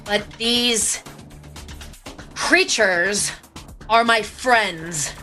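A woman's voice: mid-range voice, drawn-out words, bright, forceful tone, faint music behind. A woman playing a firm, pleading young heroine.

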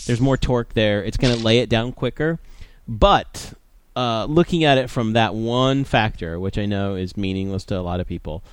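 A man's voice: lowish voice, clean tone, dry recording. A man hosting a casual podcast, arguing his points in a matter-of-fact way. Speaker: podcast host. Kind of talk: casual chat.

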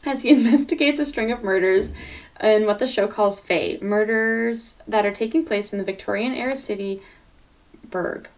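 A woman's voice: mid-range voice, normal speed, distant mic. A woman co-hosting a podcast in casual chat, enthusiastic and teasing as she talks through a show. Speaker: podcast co-host.

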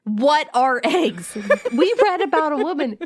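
A woman's voice: high-pitched, animated, a little slow, no echo, studio quality. A woman co-hosting a comedic book-club chat, reading passages aloud with sarcastic, giggly mock melodrama. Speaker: podcast co-host.

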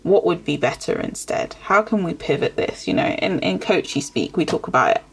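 A woman hosting a podcast interview, talking in an upbeat coaching tone and firing off quick rhetorical questions. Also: lowish voice, lively intonation, slight background noise. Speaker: podcast host. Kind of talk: casual interview chat.

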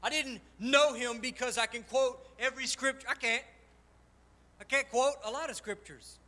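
Man, pastor, high bright voice, passionate sermon delivery in a church. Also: fairly even intonation, moderate pace. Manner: impassioned, personal testimony, swings loud and soft. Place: church sanctuary.

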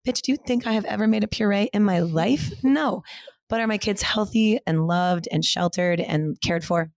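A woman's voice: medium pitch, moderate pace, darkish tone, no echo. A woman who co-founded a cycling studio, speaking frankly in a casual interview, swearing freely and saying "like" a lot. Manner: frank, profane, heavy with filler words. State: mother of two.

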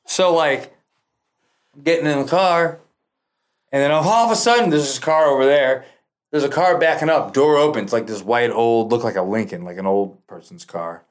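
Animated, swearing man telling a story. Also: medium pitch, normal speed. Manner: profane, animated, acts out quoted lines. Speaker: podcast guest. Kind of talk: casual storytelling.

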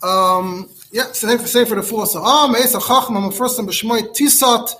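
Rabbi, teaching halacha class, high bright voice, rambles fillers. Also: male voice, normal speed. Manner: chatty, digressive, many fillers and restarts. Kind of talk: informal Torah lecture.

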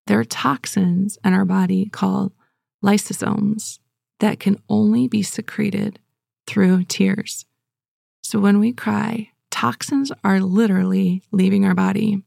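A woman giving earnest, gentle devotional teaching and leading listeners in prayer, speaking casually with fillers. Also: mid-range voice, fairly even intonation, measured pace, vocal fry, dry recording.

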